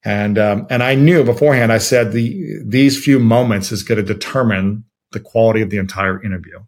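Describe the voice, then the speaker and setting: A man from Ohio telling a story in a relaxed interview, acting out quotes with lots of fillers. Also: fairly low pitch, a little fast. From Ohio, USA. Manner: animated, quotes himself and others with many fillers. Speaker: podcast host as guest. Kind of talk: conversational storytelling.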